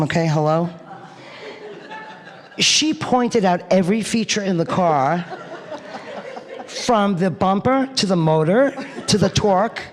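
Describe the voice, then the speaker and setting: In a church hall with long, trailing reverb, a middle-aged woman with a New York accent gives a eulogy of funny stories. Her pitch is fairly low, and she laughs as she chats through each memory.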